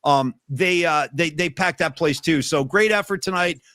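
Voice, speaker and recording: A man's voice: fairly high pitch, moderate pace, dry recording, studio quality. A middle-aged man co-hosting a podcast, chatting casually and animatedly about sports and pop culture. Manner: animated, swings into loud impressions and sung lines. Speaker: podcast co-host.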